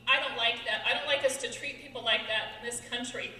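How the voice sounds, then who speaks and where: A young woman in her twenties, a student giving an earnest, quick persuasive talk on stage. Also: fairly high pitch, pushed and bright, a little hiss or hum. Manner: earnest, quick, laughing now and then. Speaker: student speaker. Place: large hall with audience. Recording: echoey hall from far off.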